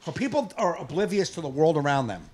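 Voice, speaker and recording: Loud, cursing man on a rant. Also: on the high side, big pitch swings, fast, slightly rough. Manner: profane, fired-up ranting, bursts of yelling. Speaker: podcast co-host. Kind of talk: casual ranting chat. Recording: live podcast recording.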